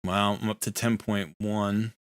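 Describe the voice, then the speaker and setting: A man's voice: on the low side, level tone, measured pace, noisy background. A man streaming a video game live, talking casually in a rambling, easygoing way and often correcting himself.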